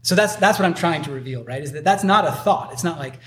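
A man's voice: a little high, expressive, quick pace. A man preaching a sermon in a loose, conversational way, full of fillers. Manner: conversational, uses many filler likes. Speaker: pastor.

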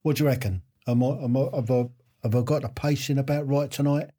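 A man's voice: mid-range voice, steady tone, fast talker, warm tone. A man hosting a live online quiz in a chatty, self-deprecating way, often chuckling.

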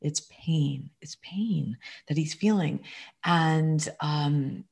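A woman's voice: sits low, very slow, creaky, a little mellow. A middle-aged woman coach telling a personal story in an earnest, confiding way, speaking to her listeners as friends.

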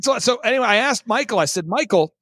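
A man with a high voice that swings widely up and down tells a story as a show guest. He talks in an emphatic, theatrical way and hammers points home with repetition. The sound is close and dry. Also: expressive, quick pace, sharp tone, husky, no echo. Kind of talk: animated storytelling on a talk show.

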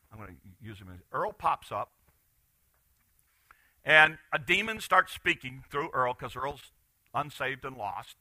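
A man preaching a sermon as pastor, animated, swinging from loud bursts to quiet asides. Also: fairly high pitch, dry recording.

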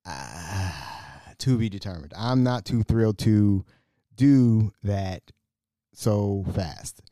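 A man hosting a casual solo podcast, excitable and stumbling over repeated words, his voice a little raspy. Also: lowish voice, slow pace, no room sound, studio quality. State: slightly raspy from screaming. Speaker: podcast host.

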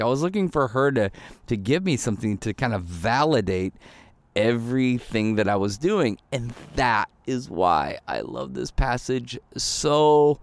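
A man's voice: mid-range voice, big pitch swings, unhurried, gravelly, no room sound. A man in his thirties preaching a casual, candid sermon, full of fillers and little acted-out quotes. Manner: conversational and candid, many fillers, acts out little quoted voices. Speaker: pastor.

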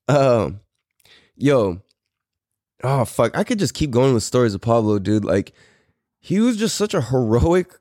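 A man's voice: medium pitch, darkish tone, dry recording, studio quality. A man in his thirties hosting a podcast, telling a story in a rambling, profane way with many fillers. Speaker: podcast host. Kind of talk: casual storytelling.

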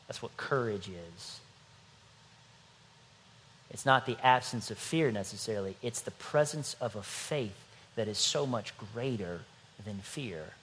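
A middle-aged man preaching a sermon as pastor, animated and playful, acting out little scenes. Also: lowish voice, a little hiss or hum.

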